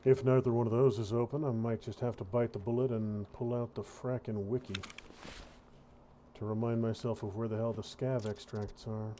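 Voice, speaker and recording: A man's voice: mid-range voice, steady tone, normal speed, mellow, a little hiss or hum. A man hosting a gaming video, giving casual commentary and wryly muttering to himself as he plays.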